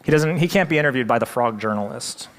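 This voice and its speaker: A male presenter telling a story with animated, dramatic delivery. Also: mid-range voice, fast, in a large hall, a little hiss or hum.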